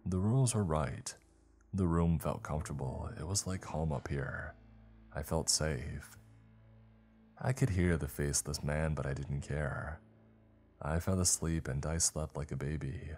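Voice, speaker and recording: A man's voice: a bass voice, unhurried, a little mellow, faint music behind. A man narrating a first-person horror story in a dramatic, scripted storytelling manner.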